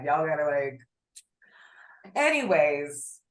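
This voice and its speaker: A woman co-hosting a casual podcast, talking in an animated, blunt way and swearing freely. Her voice sits in a middle pitch. The room around her sounds echoey. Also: moderate pace. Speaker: podcast co-host.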